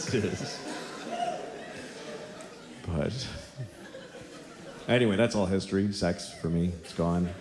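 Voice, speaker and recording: A man in his forties performing a stand-up comedy set on a theater stage, ranting with exasperated, strained high outbursts. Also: slow, pauses often. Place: large theater stage before a live audience. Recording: roomy theater sound with audience noise. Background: audience laughter and room ambience.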